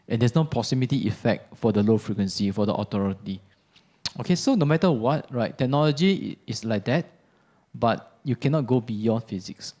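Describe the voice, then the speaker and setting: A man giving a relaxed, chatty product demo in a workshop classroom, often checking in with "okay?". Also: mid-range voice, a little fast. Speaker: audio product trainer. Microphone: ceiling and handheld microphones in a live demo.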